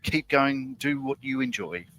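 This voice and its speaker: A man's voice: mid-range voice, expressive, measured pace, a bit bright, poor audio. An Australian man chatting as a guest on a livestream, easygoing and encouraging, with many fillers. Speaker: panel guest. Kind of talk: casual chat. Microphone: video call.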